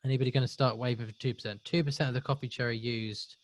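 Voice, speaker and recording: A man's voice: medium pitch, steady tone, very fast, no echo. Chatty man hosting a webinar. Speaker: webinar host. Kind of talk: hosting a live webinar quiz.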